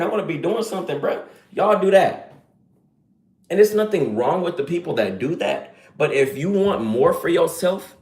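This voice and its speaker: Male streamer, animated and preachy, slightly high voice, roomy echo. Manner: preachy, emphatic, slangy. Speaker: live streamer. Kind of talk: casual live-stream rant.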